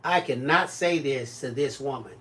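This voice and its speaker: At a moderate pace and medium pitch, a man co-hosts a crafting livestream from his home. He reads viewers' comments aloud, and his easygoing chat is full of jokes, teasing, and animated stories.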